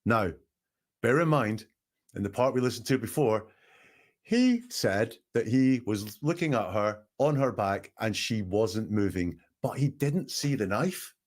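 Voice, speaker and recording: A man's voice: fairly low pitch, animated, a little slow. A man hosting a show, analyzing recorded words in a questioning, emphatic manner. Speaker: statement analyst host. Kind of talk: analytical commentary.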